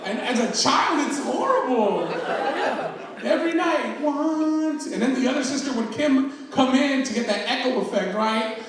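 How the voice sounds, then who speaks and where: A man's voice: very high voice, animated, normal speed, over a noisy crowd. A man in his thirties performing a self-mocking stand-up comedy set, telling stories and acting out quotes. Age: 30s. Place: live comedy show in an echoey hall. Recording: roomy live hall recording from far off, audience laughter. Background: audience laughing.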